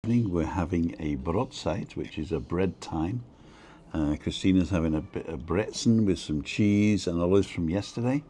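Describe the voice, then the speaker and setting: A man's voice: low-pitched, moderate pace, dark tone, a little hiss or hum. A man hosting a casual live stream, rambling about food and reading viewer comments aloud. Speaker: vlog host. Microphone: own microphone.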